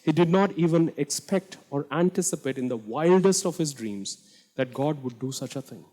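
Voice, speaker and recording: A man with a high voice preaches a sermon with a dramatic delivery. He retells scripture in casual everyday speech and sinks into a hushed voice for the quoted pleas. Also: animated, normal speed.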